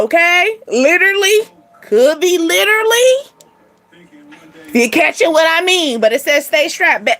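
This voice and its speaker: A young adult woman hosting a casual spiritual card reading, chatty and animated, laughing often and using slang. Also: sits high. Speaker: spiritual reading channel host.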